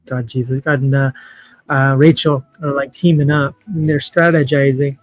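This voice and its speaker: A man hosting a livestream in casual chat, talking in an emotional, halting, heartfelt way. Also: mid-range voice, little pitch movement, dry recording, faint music behind, low-quality recording. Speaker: livestream host.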